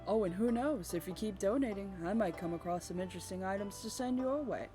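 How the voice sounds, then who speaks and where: A woman voicing a relaxed, easygoing male museum keeper. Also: mid-range voice, brisk, music in the background, lightly acted.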